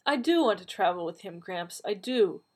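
A woman voicing a feisty, quick-tempered young woman in a storybook reading. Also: mid-range voice, animated, a little mellow, husky. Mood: spirited. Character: feisty red-haired young British woman.

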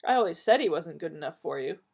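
A woman voicing a gentle old grandfather. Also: low voice, lively intonation, quick pace, gravelly, husky, exaggerated voice. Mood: soothing. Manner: soft and reassuring. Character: gentle elderly grandfather, soothing and affectionate.

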